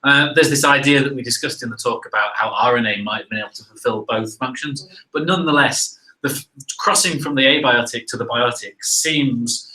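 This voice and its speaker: A man's voice: medium pitch, a little fast, sharp tone, low-quality recording. A man hosting a live science panel, reading out viewer questions and answering them in a loose, conversational way. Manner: conversational, thinks aloud with "uh" and "right?".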